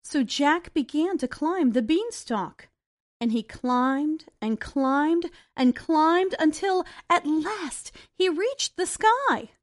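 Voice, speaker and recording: A woman narrating a children's storybook in a deliberate, expressive way. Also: high voice.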